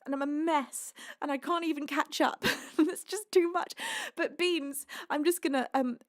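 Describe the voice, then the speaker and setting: A woman's voice: high voice, steady tone, moderate pace, dry recording, studio quality. A young British woman hosting a music livestream, reading out donations in a casual, emotional way while laughing and crying. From United Kingdom. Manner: emotional, breathless, laughing through tears. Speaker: livestream singer and host.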